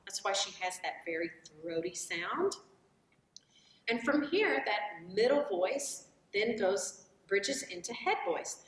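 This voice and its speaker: A woman voice teacher giving a vocal lesson, stopping to sing demonstration vowels through her registers. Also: slow. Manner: lively, swooping pitch when explaining. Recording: roomy echo, voice from far off.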